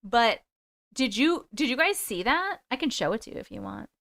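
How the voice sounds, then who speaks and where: A woman's voice: on the high side, very animated, moderate pace, vocal fry, a bit bright. A woman hosting a livestream who reads viewer stories aloud and chats back to comments, now and then singing snatches of songs. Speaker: host reading viewer stories. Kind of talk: casual livestream chat and story reading.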